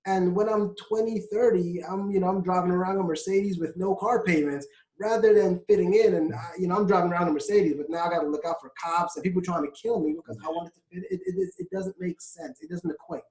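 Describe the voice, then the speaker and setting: A man's voice: high-pitched, quick pace, a little mellow. A man from the West Indies co-hosting a casual podcast, making his case in an indignant, argumentative tone. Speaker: podcast co-host. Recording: roomy echo.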